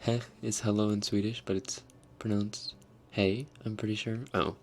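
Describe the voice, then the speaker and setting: A young man hosting an ASMR livestream, reading chat in a soft, often whispered voice and chuckling as he tries out foreign words. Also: lowish voice, flat delivery, moderate pace, slight background noise. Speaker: livestream host.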